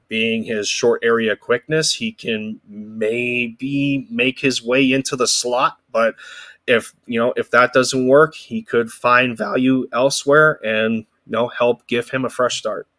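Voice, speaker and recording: A man's voice: medium pitch, steady tone, a little slow, sharp tone, dry recording. A man co-hosting a casual sports podcast, rambling and restarting his phrases as he talks. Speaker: podcast co-host.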